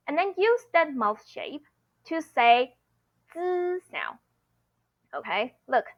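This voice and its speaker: A Mandarin teacher gives an online pronunciation lesson, her voice slow, lively and on the high side, with lo-fi sound. She is patient, repeating sounds slowly and checking in with "okay?".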